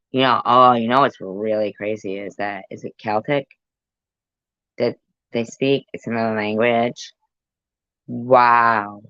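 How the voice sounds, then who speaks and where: A middle-aged woman rambles through reaction commentary, swearing freely and joking as she goes. She talks slowly and unhurriedly, in a dry, dull, lo-fi recording. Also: a bass voice, a bit bright, no room sound. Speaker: video commentator. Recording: dull lo-fi sound.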